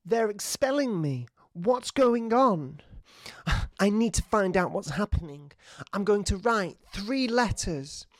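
A fretful, plaintive teenage boy wizard, drawn out and slow, as a podcast host puts him on. The voice sits higher than the host's usual talk, recorded dry and close. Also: lively intonation, dry recording.

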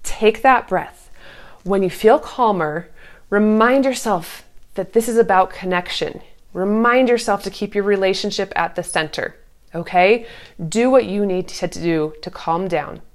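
A woman's voice: medium pitch, measured pace. Earnest, reassuring woman coaching parents. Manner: earnest, reassuring, acts out sing-song parent quotes. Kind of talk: casual advice talk.

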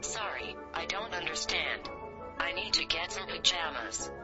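A calm, formal female voice assistant, played by a woman with a lowish tone. Music plays clearly under a dull, lo-fi sound. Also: unhurried. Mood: prim.

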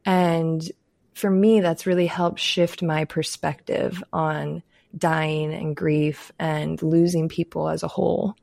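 A woman hosting a podcast, talking in a reflective, unhurried way with frequent "like" fillers. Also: deep voice, flat delivery, creaky, a little mellow, no room sound. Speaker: podcast host. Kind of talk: casual podcast conversation.

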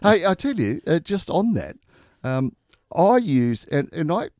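Older man, lively chatty voice. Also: fairly high pitch, a little slow, dry recording, clean studio sound. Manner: chatty, restarts often. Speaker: radio co-host. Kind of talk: casual chat.

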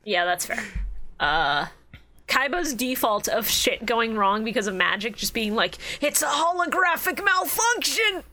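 A woman's voice: mid-range voice, lively intonation, unhurried, bright, forceful tone. A woman co-hosting a casual podcast, giggling often and explaining anime lore in detail. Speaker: podcast co-host. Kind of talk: casual chat.

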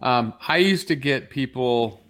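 Male co-host, mid pitch, chatty, plays out dialogue, soft music under. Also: expressive, measured pace. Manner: recounts work stories, acts out dialogue. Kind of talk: casual chat.

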